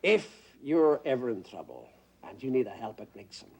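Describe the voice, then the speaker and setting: An actor playing a drunk, boastful middle-aged Orangeman tenant, swaggering and loud. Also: medium pitch, sing-song, moderate pace, creaky, a little hiss or hum. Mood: blustering. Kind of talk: stage play acting.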